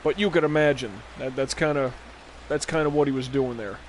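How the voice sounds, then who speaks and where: A man's voice: mid-range voice, steady tone, brisk, slight background noise. A man streaming a baseball game live, chatting casually and wandering off on tangents with plenty of swearing. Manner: rambling, profane, drifting off on tangents. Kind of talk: casual gameplay commentary.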